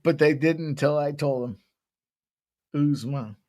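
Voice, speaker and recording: A man's voice: a little high, unhurried, a little mellow. A man hosting a live betting stream, joking loosely and swearing as he hypes the bets. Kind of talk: casual live-stream banter.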